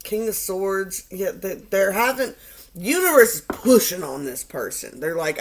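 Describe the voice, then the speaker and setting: A woman's voice: mid-range voice, very animated, unhurried. A woman giving a casual tarot reading in a rambling, conversational way. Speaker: tarot reader.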